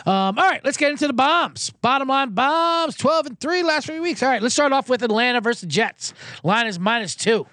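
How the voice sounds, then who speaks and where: A man hosting a sports betting podcast, telling a casino story and giving picks in a profane, animated way with shouted crowd chants. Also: very high-pitched, moderate pace, no room sound, clean studio sound.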